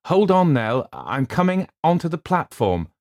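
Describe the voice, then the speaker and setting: A man's voice: on the high side, very animated, a little slow, darkish tone, no echo, studio quality, voice pushed up. A man reading an audiobook voices a grim young man who gives curt, sardonic commands.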